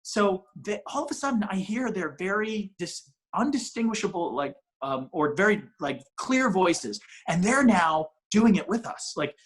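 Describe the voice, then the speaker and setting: A man's voice: sits high, big pitch swings, measured pace, few pauses, fairly bright tone. A male comedian telling a long, rambling, self-mocking story in a casual interview, swearing freely and restarting his sentences. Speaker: comedian guest.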